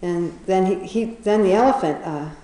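A woman's voice: medium pitch, normal speed, dark tone. A woman casually retelling an animal fable, rambling with fillers and chuckling as she goes. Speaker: storyteller. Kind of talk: casual storytelling. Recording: roomy echo.

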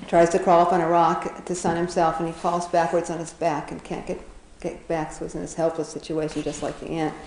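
A woman's voice: lowish voice, flat delivery, fairly quick, few pauses, darkish tone, reverberant, slight background noise, poor audio. A woman casually retelling a children's fable, chatty, often laughing, with many fillers and restarts. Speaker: storyteller.

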